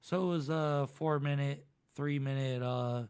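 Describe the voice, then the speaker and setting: A man's voice: medium pitch, fairly even intonation, unhurried, a little mellow, clear, resonant tone. A young man hosts a casual podcast chat in a laid-back way, at times reading news reports aloud. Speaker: podcast host.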